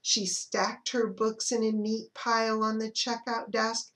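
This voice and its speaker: A woman children's librarian reads picture books aloud to toddlers. She reads slowly, in a slightly high voice, with expressive, animated storytelling.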